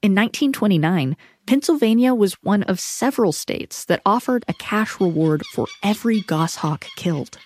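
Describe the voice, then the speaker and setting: A woman narrating a short scripted radio piece in a measured, even way. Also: mid-range voice.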